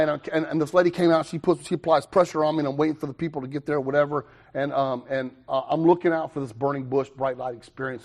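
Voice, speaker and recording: A young man speaks to a recovery meeting in a gravelly, fairly high voice. He tells his own story with animated energy, cracking self-mocking asides to the room.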